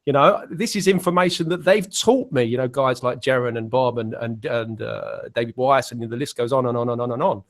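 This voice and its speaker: A man's voice: medium pitch, brisk, few pauses. English male guest on a video call, rambling and self-deprecating, restarts often. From England. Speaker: guest musician. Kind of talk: casual online panel chat.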